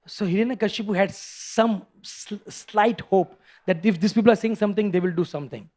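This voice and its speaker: A man telling a scripture story in a sermon, animated and stopping to restart often. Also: high voice, a little fast. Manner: animated, acts out characters, frequent restarts. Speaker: preacher giving a scripture class.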